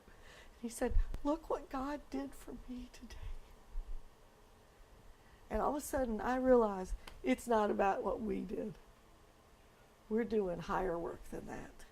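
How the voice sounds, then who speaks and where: A woman's voice: medium pitch, gravelly, a little mellow. A woman pastor speaking in a documentary interview, earnest and emotional as she tells her story.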